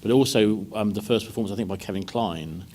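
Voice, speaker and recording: Quick-talking male interviewer. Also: fairly low pitch, a little mellow, a little hiss or hum. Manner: chatty, with tag questions. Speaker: interviewer for a film institute. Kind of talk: casual conversation.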